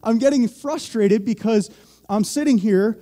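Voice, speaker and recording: A man's voice: high voice, a little slow, mellow. A young man from Pennsylvania preaching a sermon, telling a joking, self-deprecating story to the church. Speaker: pastor.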